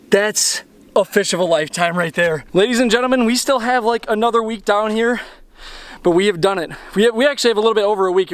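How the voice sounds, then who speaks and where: A man's voice: sits high, clear, resonant tone, dry recording. A young man filming himself fishing on a lake, chatting casually to viewers and calling them "guys" and "dude". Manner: excitable, says "dude" and "guys" a lot. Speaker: fishing vlogger. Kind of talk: casual outdoor fishing commentary. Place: on a boat on a lake, outdoors.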